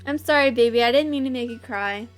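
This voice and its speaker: A woman voicing a gentle middle-aged mother who soothes her son affectionately over the phone. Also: fairly high pitch, quick pace, faint music behind, natural voice. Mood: tender.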